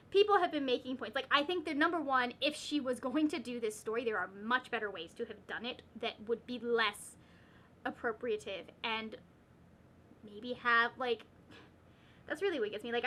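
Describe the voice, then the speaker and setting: A woman's voice: high voice, sharp tone, a little hiss or hum. A woman chatting casually as a book vlogger at home, rambling and ranting with lots of fillers and restarts. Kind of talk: casual reading vlog chat.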